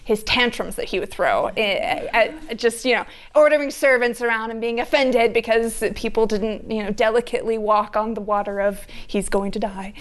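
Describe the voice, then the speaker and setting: A woman's voice: a little high, moderate pace, few pauses. A woman talking about her story in a live onstage conversation, chatty and laughing, searching for words. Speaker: guest author.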